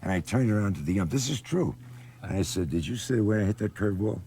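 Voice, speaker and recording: A man's voice: on the low side, quick pace, background noise. An older man, a former athlete and actor, telling stories in a conversation and acting out the voices of the people in them. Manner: animated, acts out quoted voices. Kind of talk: storytelling anecdotes in conversation.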